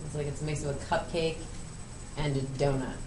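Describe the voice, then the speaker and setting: A woman's voice: sits low, steady tone, fairly quick. Young woman, casual family chat, rambling storyteller, lots of fillers, noisy background. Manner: chatty storyteller, many "like"s and restarts, laughing often. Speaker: daughter telling family stories. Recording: echoey room, far from mic, noisy.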